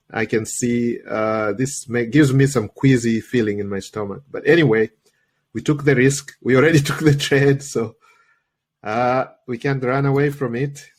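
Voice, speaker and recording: A man leads a live trading session with a middle-pitched voice, a little worn from a recent cold. He talks in a loose, chatty way, checking in with his viewers again and again. English is not his first language. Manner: chatty, peppers talk with "okay?" and "guys". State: recovering from a cold, voice slightly worn. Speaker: trading coach and livestream host.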